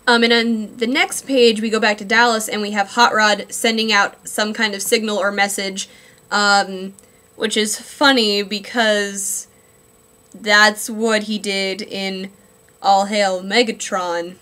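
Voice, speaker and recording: A woman's voice: medium pitch, moderate pace, sharp tone. A woman talks through a comic book review in a loose, unscripted way, filling gaps with ums and likes. Her tone leans dry and sarcastic, and she records at home. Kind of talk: casual spoken review.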